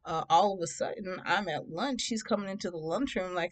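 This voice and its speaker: A woman in her thirties from Detroit telling a personal story in a casual, animated way, often laughing and acting out both sides of the conversations. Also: on the low side, a little fast. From Detroit, USA. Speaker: storytime vlogger.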